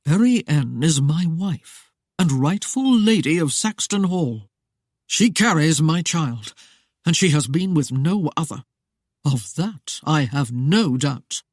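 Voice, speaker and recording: An audiobook narrator voicing a calm young nobleman who speaks softly and in measured, mocking tones. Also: mid-range voice, no room sound, clean studio sound. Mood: cool. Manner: soft, measured and coolly mocking. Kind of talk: audiobook character voice.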